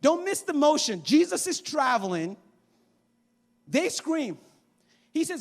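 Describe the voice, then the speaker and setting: A man of around forty preaching a sermon in a church, animated and acting out the voices of people in the story. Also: extremely high pitch, slow. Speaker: pastor. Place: church sanctuary.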